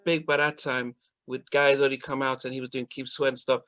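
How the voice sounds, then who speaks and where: A man's voice: medium pitch, level tone, brisk, bright, forceful tone, dull audio. A man interviewing a guest, asking curious, rambling questions full of restarts.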